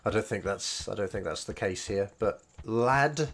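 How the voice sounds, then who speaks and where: A man's voice: lowish voice, moderate pace, a bit bright. A man, casually explaining Japanese words while streaming a game, rambling and restarting his sentences often. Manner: rambling, hesitant, many fillers and restarts.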